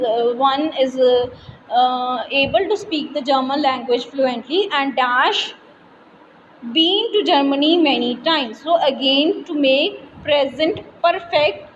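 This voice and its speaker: A woman teacher with an Indian English accent walks through a grammar lesson step by step, reading example sentences aloud. Her voice sits high. The room rings with a long reverb over a faint hiss. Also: slow, lo-fi sound. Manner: explains step by step, reads example sentences aloud, frequent fillers.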